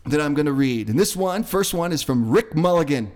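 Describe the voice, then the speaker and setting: Animated, jokey male podcast co-host. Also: a little high, brisk. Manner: jokey, animated, reads listener comments. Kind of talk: casual chat.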